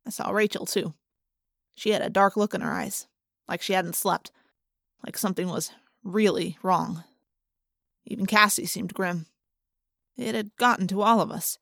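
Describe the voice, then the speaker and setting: A woman narrating a first-person audiobook in a brisk, expressive way. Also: mid-range voice, creaky, no echo, studio quality.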